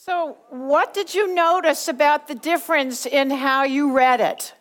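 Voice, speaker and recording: A middle-aged woman from Southern California giving a class clear, patient instructions. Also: high voice, unhurried, fairly bright tone. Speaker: teacher.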